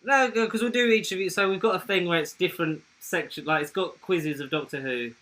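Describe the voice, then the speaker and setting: A man's voice: sits high, a little fast, sharp tone, poor audio. A man co-hosting a podcast, joking and telling anecdotes in casual chat. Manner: jokey, playful, tells anecdotes. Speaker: podcast co-host running the quiz.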